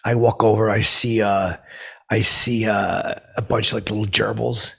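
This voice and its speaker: A tired man hosts a comedy podcast, rambling through a story full of uhs and restarts. His low voice is gravelly and badly husky, with a rough, worn texture. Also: little pitch movement, normal speed, fairly bright tone. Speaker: podcast host. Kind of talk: character comedy monologue.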